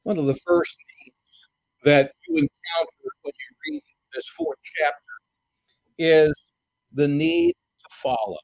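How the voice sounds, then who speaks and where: A middle-aged man preaches in an earnest, measured way, his voice sitting notably high for a man. The sound is dry and close, with little room around it. He reads scripture aloud within the sermon. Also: lively intonation, no room sound, rough recording.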